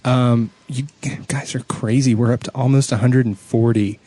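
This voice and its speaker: A man's voice: mid-range voice, fairly even intonation, normal speed, mellow, no room sound. Southern guy cohosting a podcast from home, casual, laughs at himself a lot. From Southern United States. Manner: laughs often, chatty and self-mocking. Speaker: podcast co-host. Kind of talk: casual chat.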